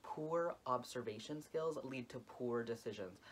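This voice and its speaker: A man's voice: medium pitch, measured pace, lightly acted, low-quality recording. A young man quoting a stern, curt male driving examiner in his own voice, giving blunt orders.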